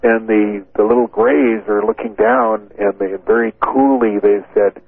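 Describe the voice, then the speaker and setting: Male radio guest, gravelly and husky, animated storyteller, phone-line sound. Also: medium pitch, measured pace, hardly any pauses, no echo. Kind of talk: call-in radio interview.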